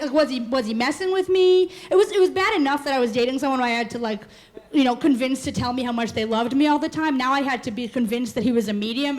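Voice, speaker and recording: A woman in her twenties performing a live comic storytelling set, animated and quick, often laughing through her lines. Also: high voice. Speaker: comedic storyteller.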